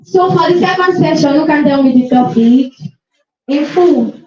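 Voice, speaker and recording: A woman with a high voice moderates a classroom session and keeps prompting the pupils to raise their hands and applaud. The sound is echoey and dull. Faint music plays underneath. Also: normal speed, darkish tone. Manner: prompting, repeating requests. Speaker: session host. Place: school classroom.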